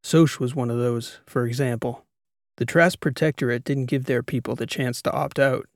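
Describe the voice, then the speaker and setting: A man narrates a first-person sci-fi audiobook, telling the story in a wry, conversational way. His voice has a gravelly grain. The recording is close and dry, with no room sound. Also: medium pitch, fairly even intonation, moderate pace, no room sound.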